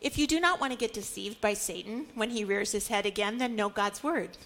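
A woman's voice: mid-range voice, brisk, fairly bright tone. A middle-aged woman teaching a Bible study, earnest and building to emphatic declarations.

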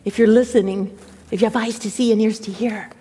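A woman preaching a sermon, reading scripture dramatically and emphatically, with sudden hushed drops. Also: mid-range voice, fairly even intonation, a little fast, husky. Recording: long hall reverb.

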